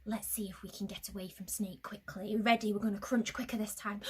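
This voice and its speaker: A woman leading an interactive children's story sound journey. She drops to hushed whispers, then bursts out excitedly, and she leads chanted sound effects. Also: mid-range voice, a little fast, hardly any pauses, a little hiss or hum. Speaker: children's activity leader.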